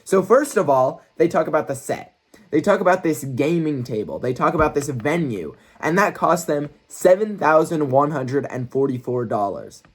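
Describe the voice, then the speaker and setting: Brief: young adult man, slightly higher voice, deadpan mock-outrage commentary for a video channel. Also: moderate pace, husky. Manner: deadpan satirical rant. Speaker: YouTube creator.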